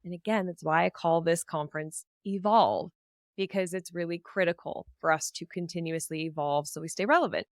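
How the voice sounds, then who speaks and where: Upbeat woman podcast host, low smooth voice. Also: fairly quick, no echo, studio quality. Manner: enthusiastic, upbeat, heartfelt. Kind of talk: solo podcast recap.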